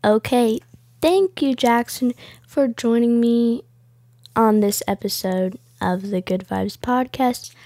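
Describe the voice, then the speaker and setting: A woman hosts her podcast in an easygoing, rambling way, leaning on "like" as she thinks aloud. Her voice sits fairly high and she takes her time. The sound is dry and close, with no room around it. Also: slow pace, mellow, dry recording. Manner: rambling, full of "like" fillers. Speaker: podcast host. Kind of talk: casual podcast chat.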